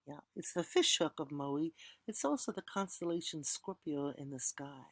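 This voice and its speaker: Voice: mid-range voice, animated, normal speed, vocal fry, dry recording. Storytelling teacher, dry close sound. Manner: recites chant lines, then explains them plainly; invites the audience to repeat words. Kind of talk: storytelling lecture.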